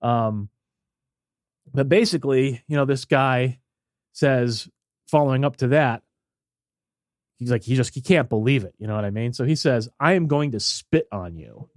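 A man co-hosting a podcast tells a story in casual chat. He acts out the voices in his story. His pitch swings widely, and the sound is dry and close. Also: measured pace, pauses often, no echo. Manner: animated, acts out voices in quotes. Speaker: podcast co-host.

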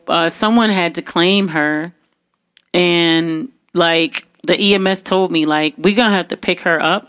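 Young woman, kinda low voice, telling a wild story, lots of "like" and restarts, acts out the quotes. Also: clear, resonant tone, dry recording, clean studio sound. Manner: animated, acts out quotes, many fillers and restarts. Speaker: guest telling a personal story. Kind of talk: casual spoken storytelling.

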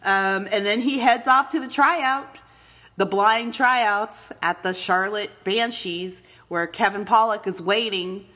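A woman's voice: medium pitch, slow pace, sharp tone. A woman co-hosting a casual movie recap, sarcastic, with laughing asides. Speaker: podcast co-host.

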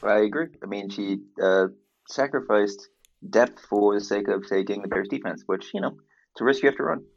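A man co-hosting a fantasy football podcast in casual chat, dry and jokey in a measured way. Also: on the low side, creaky, highs cut off.

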